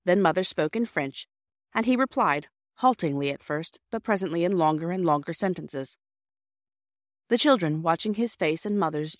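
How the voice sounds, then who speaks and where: A woman reading a children's classic aloud as a podcast narrator, with gentle, measured storytelling. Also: lowish voice, dry recording, clean studio sound. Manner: gentle storybook reading, voices dialogue lightly. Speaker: audiobook reader. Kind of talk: scripted narration.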